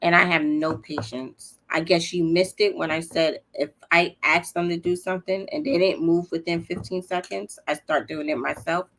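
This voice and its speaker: A woman's voice: lowish voice, fairly even intonation, moderate pace, hardly any pauses, a bit bright. Candid woman hosting a gardening live stream. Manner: candid, self-mocking, laughs easily. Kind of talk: casual live-stream chat.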